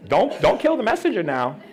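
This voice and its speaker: A man giving a spiritual talk at an expo, playful and laughing as he acts out little voices. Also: high-pitched. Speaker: spiritual speaker. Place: expo lecture hall.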